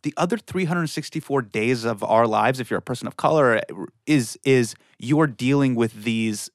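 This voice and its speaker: A man's voice: mid-range voice, normal speed, dry recording. A man from California speaks as a podcast guest. He is passionate and emphatic, and his mid-range voice comes through on a close, dry mic. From California, USA. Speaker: guest comedian. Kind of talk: casual interview talk.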